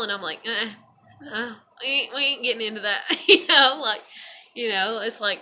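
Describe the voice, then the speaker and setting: Bright-voiced woman ranting casually. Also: medium pitch, lively intonation, fairly quick, a little hiss or hum. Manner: profane, meandering, with laughs and sighs. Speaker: vlogger. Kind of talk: casual rambling monologue.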